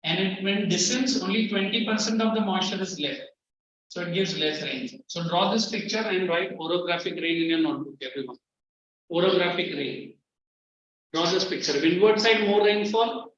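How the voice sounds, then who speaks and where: This is a lecture by a man whose high, fairly bright voice moves at a moderate pace, delivered in Indian English with Hindi mixed in. He takes a firm line with his class. The distant classroom recording has echo, muffling and some faint noise.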